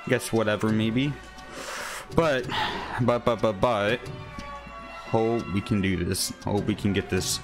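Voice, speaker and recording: A young man commentating a video game as he plays it, excitable and quick to yell when he fails. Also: on the low side, over music. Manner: excitable, yells and whines when failing. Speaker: gaming channel host. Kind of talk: live gameplay commentary.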